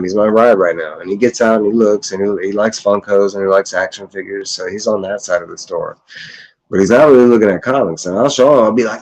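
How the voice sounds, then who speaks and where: A young man chatting loosely about his comic pickups, rambling and profane, laughing often and mimicking others in high voices. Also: darkish tone, poor audio. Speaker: comic collector vlogger. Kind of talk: casual chat.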